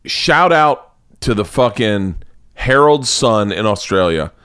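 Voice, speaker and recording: Southern-raised dude rambling on his podcast, swears a lot, super lively voice. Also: fairly low pitch, takes it slowly, smooth, no echo. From American South. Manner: profane, rambling, animated. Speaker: podcast host. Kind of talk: casual comedic chat.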